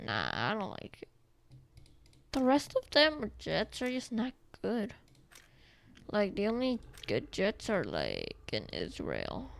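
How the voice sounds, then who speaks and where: A woman's voice: medium pitch, vocal fry, a bit bright, a little hiss or hum. A woman giving casual gaming commentary, rambling playfully and thinking aloud. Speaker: gaming streamer.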